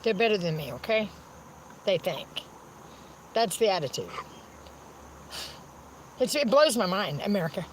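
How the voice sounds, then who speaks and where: A woman ranting on a livestream, profane and repetitive, swinging from wry laughter to shouting. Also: mid-range voice, sing-song, a little slow, long pauses, slight background noise. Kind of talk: angry livestream rant.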